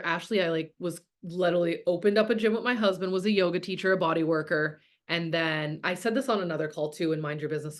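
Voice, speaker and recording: A woman business coach teaching a live online masterclass, talking candidly and casually, swearing freely and reading out viewers' comments as she goes. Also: on the low side. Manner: casual, chatty, heavy with fillers like "like".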